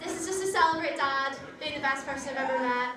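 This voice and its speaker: A woman's voice: sits high, quick pace, over loud music. A young woman giving a sincere birthday toast for her father, with a joking aside. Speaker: daughter giving a birthday speech. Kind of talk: heartfelt party toast. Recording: very echoey room, distant mic, crowd.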